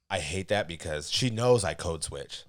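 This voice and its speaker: A man with a low voice that swings widely up and down as he talks. He co-hosts a casual podcast and tells stories with frequent laughter. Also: takes it slowly. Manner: laughs often while telling stories, animated. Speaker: podcast co-host. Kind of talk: casual storytelling chat.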